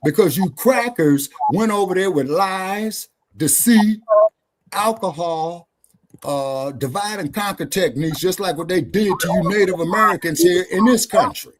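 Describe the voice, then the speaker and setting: A man's voice: sits high, a little slow, a little hiss or hum. A man hosting a heated live-stream debate, combative and profane, taunting people in the chat. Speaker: show host.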